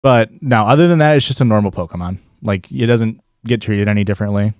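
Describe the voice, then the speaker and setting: Fast and on the low side, this young man's darkish, clear, resonant voice comes through clean studio audio with no echo. He talks casually over his game stream in a Midwestern accent, rambling with plenty of fillers and restarts.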